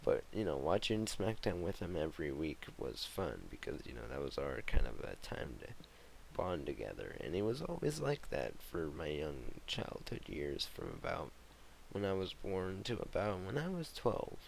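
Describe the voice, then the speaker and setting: A young man telling his life story in a vlog, halting and emotional with many fillers and restarts. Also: low-pitched, big pitch swings, gravelly, slight background noise, low-quality recording. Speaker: vlogger telling his memoir. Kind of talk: personal memoir vlog.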